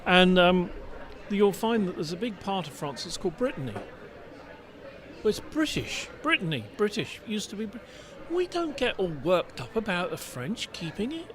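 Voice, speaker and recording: A man's voice: high voice, sing-song, normal speed. A man hosting a podcast panel, playful and wordy, joking in casual chat. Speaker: podcast host. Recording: crowd noise behind.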